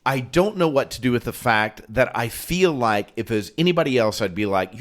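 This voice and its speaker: Man, co-host, casual faith chat, ponders aloud, restarts often, mid-pitched voice. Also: lively intonation, fairly quick, few pauses. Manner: thinks aloud, restarts, acts out quoted lines. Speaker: podcast co-host. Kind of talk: casual Bible discussion.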